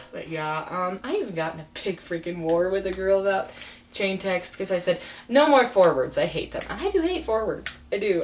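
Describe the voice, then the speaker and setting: A young woman ranting casually to her webcam, animated and sarcastic, often breaking into mocking impressions. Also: medium pitch, slight background noise. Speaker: vlogger. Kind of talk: casual rant to camera.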